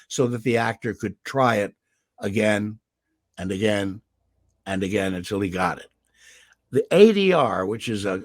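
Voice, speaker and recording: A veteran voice actor in his later years, speaking in a lowish voice, shares lively anecdotes in an interview at his California home. He restarts often and clears his irritated throat frequently. The recording is dry with clean studio sound.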